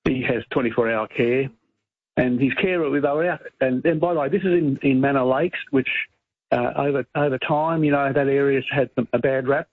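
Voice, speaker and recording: A man's voice: medium pitch, normal speed, no echo. An Australian man calling in to a radio show, telling a story earnestly with many fillers. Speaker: caller. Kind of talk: phone-in story. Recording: tinny phone line.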